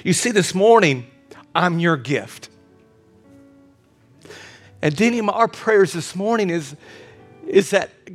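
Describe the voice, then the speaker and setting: A man's voice: high voice, lively intonation, takes it slowly, pauses often, soft background music. A pastor preaching a sermon in a church service, emphatic and repetitive, with his intensity building as he goes. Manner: emphatic preaching with repeated phrases and rising intensity.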